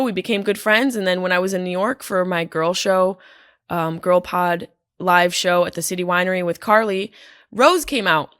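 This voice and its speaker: A woman comedian telling stories in casual chat, candid and profane, full of quick asides. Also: medium pitch, fairly bright tone, no room sound, clean studio sound. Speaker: comedian and podcast guest. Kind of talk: casual storytelling. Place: hotel room.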